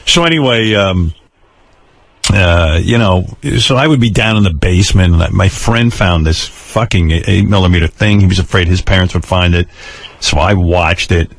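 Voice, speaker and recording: A man's voice: low-pitched, moderate pace, no echo. An older man hosting a radio show, telling personal stories in a blunt, profane, wry way. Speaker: radio host. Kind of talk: candid storytelling on talk radio.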